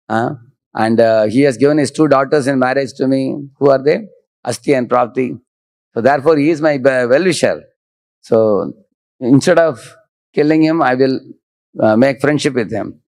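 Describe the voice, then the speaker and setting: A man's voice: mid-range voice, normal speed, darkish tone, dry recording. A man giving a devotional scripture lecture, chanting Sanskrit verses and explaining them line by line. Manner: explains verse by verse, often repeating "he's saying".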